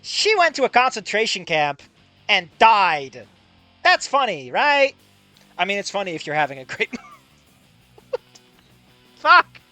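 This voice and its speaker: A streamer reads a visual novel aloud and comments on it crudely and excitably. The voice is bright and cutting and swings widely in pitch. Soft guitar music plays underneath. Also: no echo. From Netherlands. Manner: crude, excitable, quick to laugh. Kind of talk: game reading with live commentary.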